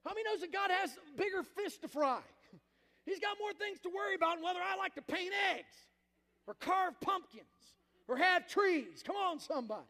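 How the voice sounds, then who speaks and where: A man's voice: extremely high pitch, animated, normal speed, sharp tone. A man preaching a sermon as pastor, emphatic, with call-and-response to the congregation. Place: church sanctuary. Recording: reverberant church hall.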